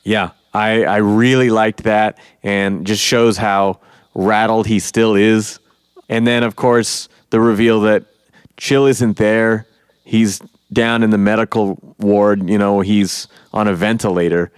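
A man co-hosting a podcast, talking through a comic book in a casual, animated way. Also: lowish voice, takes it slowly, clean tone, no room sound, studio quality. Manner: animated storyteller, acts out quotes. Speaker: podcast co-host.

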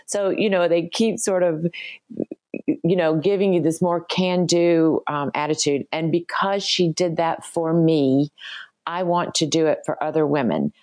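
A woman's voice: sits low, a little mellow. A woman in her fifties from the American South, talking earnestly and encouragingly as a guest in a casual interview. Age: 50s. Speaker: guest, style business founder.

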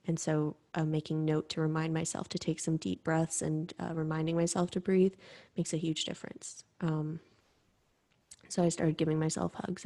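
A young woman hosting a podcast, talking candidly and reflectively in a halting personal monologue. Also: lowish voice, vocal fry, dark tone. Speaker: podcast host.

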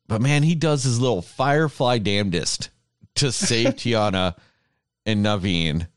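A man's voice: fairly low pitch, very animated, moderate pace, no room sound, studio quality. A man in a casual chat, ranting emotionally with heavy swearing and laughing between his words.

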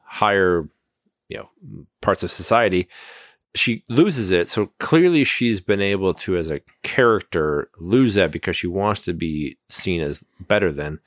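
A man with a very low voice co-hosts a laid-back film review podcast, agreeing often and chiming in readily. The recording is close and dry, with no room sound at all. He talks in long, rambling stretches. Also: animated, unhurried, no room sound. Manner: agreeable, chimes in with frequent yeses. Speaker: podcast co-host. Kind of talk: casual movie review chat.

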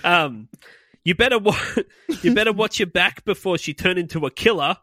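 A man's voice: sits high, lively intonation, moderate pace, bright, forceful tone, no echo. A man co-hosting a comedy chat, laughing often as he reads lyrics aloud. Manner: giggly, laughs through lines. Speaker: podcast co-host. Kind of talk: casual comedic banter, reading song lyrics aloud.

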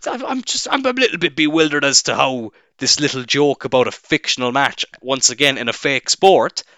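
A man's voice: mid-range voice, animated, normal speed, pushed and bright, no room sound. A young Irish man, a wrestling referee, in a casual, sarcastic and profane rant to camera. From Ireland.

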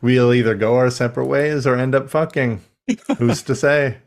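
A man's voice: medium pitch, fairly even intonation, normal speed. A young man co-hosting a casual chat, who talks loosely, laughs often and swears.

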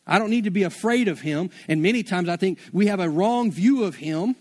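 Man preaching, high-pitched, laid-back and conversational with slang. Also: expressive, fairly quick, a little mellow. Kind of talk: sermon.

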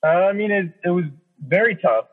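A Canadian professional boxer, a man with a voice that sits high, tells his story at a moderate pace in a casual interview. He swears often and acts out his own inner thoughts as quoted speech. The audio is tinny, like a phone line, with long reverb.

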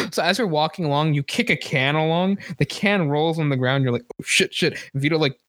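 A man narrating a tabletop game as game master, relaxed and rambling, with lots of fillers and quick laughs. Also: on the high side, no room sound, studio quality.

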